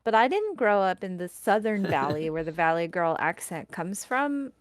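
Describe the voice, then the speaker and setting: A woman's voice: lowish voice, very animated, moderate pace, a crowd in the background. A woman from Northern California with a California accent, chatting casually as a co-host and laughing easily. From Northern/Central California. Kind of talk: casual chat.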